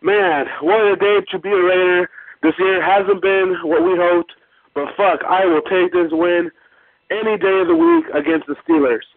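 A man's voice: high voice, lively intonation, normal speed, a little hiss or hum. A male caller in a profane, gleeful rant. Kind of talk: recorded fan call-in rant. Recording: tinny phone line.

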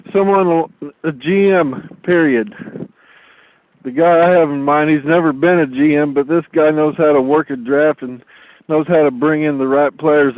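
A man's voice: a little high, dry recording. A man leaving a frustrated voicemail, cursing as he argues his point. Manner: frustrated, swearing. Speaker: caller. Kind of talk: voicemail to a podcast. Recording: tinny dry phone line.

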